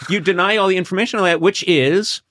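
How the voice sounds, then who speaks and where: A man's voice: high-pitched, quick pace, a little hiss or hum. A man hosting a casual chat, teasing his guest and telling stories with frequent laughter. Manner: teasing, lively storytelling, laughs often. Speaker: podcast host.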